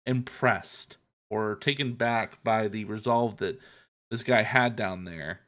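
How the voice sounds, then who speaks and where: A man co-hosting a podcast, casually retelling a TV episode in a loose, profane way with quick asides. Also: medium pitch, a bit bright. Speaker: podcast co-host. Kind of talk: casual chat recapping a TV episode.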